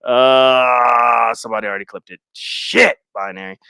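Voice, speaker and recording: Guy hosting a live stream, rambly, jokes on himself, repeats stuff, smooth voice, dry close mic. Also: mid-range voice, steady tone, moderate pace, sharp tone, dry recording. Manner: rambling, self-mocking, repeats phrases. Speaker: livestream host. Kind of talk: casual live-stream chat.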